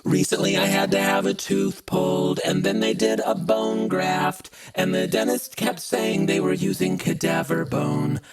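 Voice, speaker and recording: A man with a high, heavily gravelly voice tells funny stories in a wry, playful way and acts out each line of dialogue. Loud music plays under his voice the whole time. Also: animated, unhurried, few pauses, poor audio. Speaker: comedic storyteller. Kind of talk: casual comedic storytelling.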